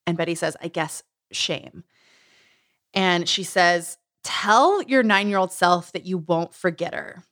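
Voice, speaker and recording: A woman's voice: fairly low pitch, unhurried, fairly bright tone, dry recording, studio quality. A woman co-hosting a podcast, recapping a memoir in a chatty way with lots of "like" and frequent laughs. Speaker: podcast co-host. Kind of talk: casual book chat.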